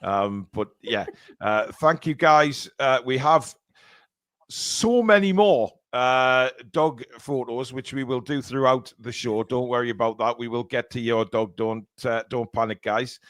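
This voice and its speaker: A man's voice: medium pitch, unhurried, a bit bright, dry recording, studio quality. A man hosting a casual live stream, reading out donations with lots of fillers. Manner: rambling, many fillers. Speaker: stream host reading super chats.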